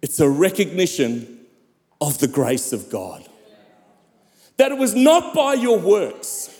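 A male pastor preaches in a slow, measured rhythm, his voice sitting high and swinging widely in pitch. He keeps calling out to his congregation as he goes, and his words ring out with a long reverb through a large church hall. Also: big pitch swings, darkish tone. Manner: preaching cadence with calls to the congregation. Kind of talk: sermon.

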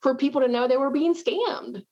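This is a casual conversation recorded at home, and the muffled audio carries a high-voiced middle-aged woman from the American South. She speaks at normal speed. She's chatty and animated, poking fun at herself with frequent laughs.

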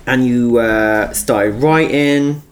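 A man's voice: medium pitch, slow. A man hosting a podcast in casual chat, chatty and teasing, laughing easily with his guest. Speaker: podcast host.

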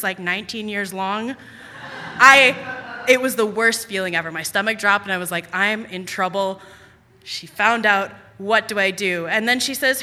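A young adult woman telling a personal story on stage, animated and self-mocking with quick asides. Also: mid-range voice. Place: stage at a live storytelling event. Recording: reverberant hall.

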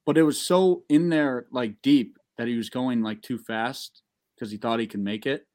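A young man telling a long, profane, excitable story in a casual podcast chat. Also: mid-range voice, normal speed. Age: young adult.

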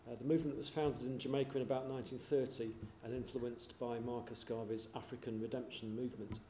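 A man's voice: mid-range voice, flat delivery, quick pace, mellow. A man hosting a panel show, reading out facts and putting questions to the panel. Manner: reads facts, quizzes the panel. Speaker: host. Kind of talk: panel show trivia segment. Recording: echoey room with faint hiss.

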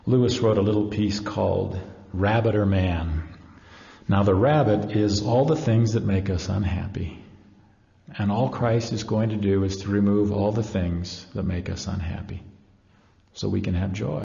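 A man's voice: on the low side, gravelly, warm tone. A middle-aged man giving a live religious lecture, telling stories earnestly and reading passages aloud. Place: large lecture hall. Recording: echoey hall, dull lo-fi.

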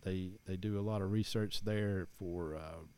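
Guy in his 40s, lowish voice, rambles w lots of uh's. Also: fairly even intonation, normal speed, mellow, smooth. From East Tennessee. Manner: rambling, full of uh and restarts. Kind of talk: casual chat.

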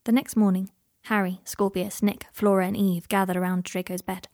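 A woman reading a story aloud in a soft-spoken way that often drops into whispers. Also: mid-range voice, flat delivery, normal speed, no echo, clean studio sound. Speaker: reader. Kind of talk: reading fan fiction aloud.

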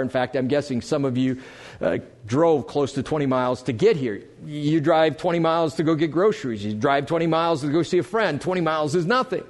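Male pastor, slightly high voice, animated sermon delivery with sharp shifts in volume. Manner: animated, swinging from loud emphasis to quiet asides. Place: church sanctuary before a congregation.

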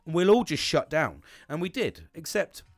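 A man's voice: a little high, huge pitch swings, moderate pace, no room sound, clean studio sound. A man in his forties, hosting a casual podcast monologue in a rambling, sweary, self-mocking way. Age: 40s.

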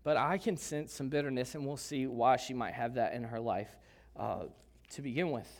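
A middle-aged pastor preaching a sermon in a church, conversational and joking, with asides to the congregation. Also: male voice, medium pitch, moderate pace.

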